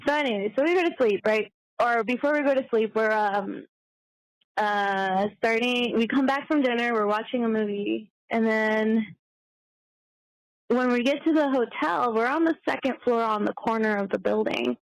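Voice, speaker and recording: A woman's voice: a little high, moderate pace, dry recording, low-quality recording. A young woman leaving a chatty, swearing voicemail story as a caller.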